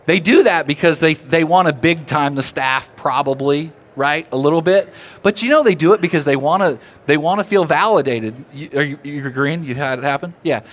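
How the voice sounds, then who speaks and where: A man giving a live seminar talk, animated and drawing the audience in with questions. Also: on the high side, brisk. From Oklahoma. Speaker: seminar speaker. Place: seminar room.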